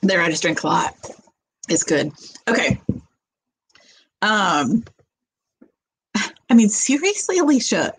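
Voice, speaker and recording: A woman's voice: medium pitch, sing-song, takes it slowly, pauses often, slight background noise, rough recording. A middle-aged woman, hosting a casual live question-and-answer chat, rambling with lots of fillers. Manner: chatty, rambling, many fillers. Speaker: livestream host.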